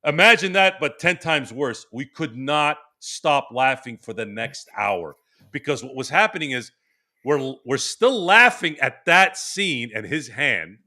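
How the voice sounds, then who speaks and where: A man in his forties, a podcast host, telling a long casual story, animated and full of restarts. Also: medium pitch, a little slow. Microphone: remote stream microphone.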